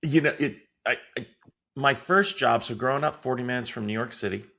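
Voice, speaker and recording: A man's voice: medium pitch, a little fast, vocal fry, bright, forceful tone. A man from Connecticut, a guest on a podcast, talking casually and animatedly about his career, laughing easily. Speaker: guest, sales consultant. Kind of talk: casual interview chat.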